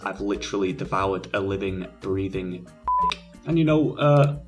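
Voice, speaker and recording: A man giving a crude, sarcastic comedic rant as narration for an animated game review. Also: fairly low pitch, creaky.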